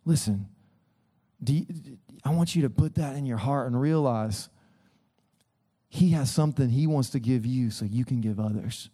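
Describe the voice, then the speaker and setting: A man's voice: mid-range voice, normal speed, warm tone, slightly rough. A man in his thirties preaching a sermon in a church, earnest and conversational, often calling on listeners to listen. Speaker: pastor. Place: church sanctuary.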